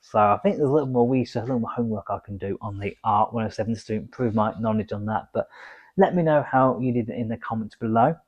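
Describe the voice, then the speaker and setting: A man's voice: on the low side, fast talker, lo-fi sound. A man hosting his own car vlog, reading quiz answers aloud and chatting between them with casual asides. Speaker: car vlogger.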